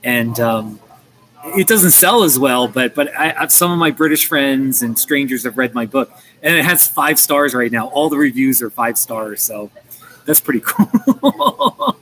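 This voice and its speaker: A man's voice: medium pitch, normal speed, a bit bright, poor audio. An American man chatting casually on a livestream, rambling with lots of restarts and fillers. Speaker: livestream host. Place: coffee shop. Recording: faint café ambience.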